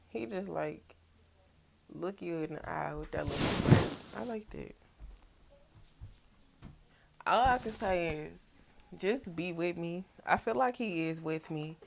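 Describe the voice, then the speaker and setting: A young woman, talking in a casual, reflective vlog, soft-spoken and relaxed. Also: on the low side, creaky, slight background noise. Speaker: vlogger. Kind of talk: personal reflective vlog talk.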